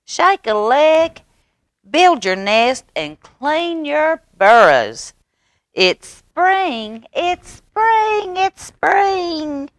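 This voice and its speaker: A woman voicing a tiny, cheerful male spring peeper frog who shouts shrill wake-up calls in a children's storybook reading. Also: extremely slow, hardly any pauses, dry recording. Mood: cheery shouting.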